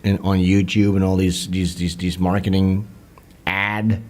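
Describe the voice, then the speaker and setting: A man's voice: sits low, little pitch movement, measured pace, a little mellow. A man hosting a casual livestream, rambling in a crude, mocking way. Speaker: livestream host.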